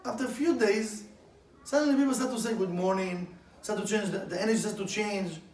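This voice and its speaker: A man's voice: sits high, brisk, a little mellow. A man teaching a Kabbalah class in eager, broken English, asking his listeners one question after another. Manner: eager, asks many questions; broken, non-standard English grammar. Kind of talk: class lecture. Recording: echoey room, mic far off.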